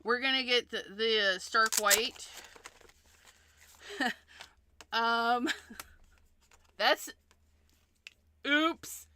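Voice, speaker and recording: A woman's voice: a little high, very slow, pauses often, bright, forceful tone, slight background noise. A woman hosting a card-making livestream in a casual demonstration, chatty and thinking aloud, often repeating herself.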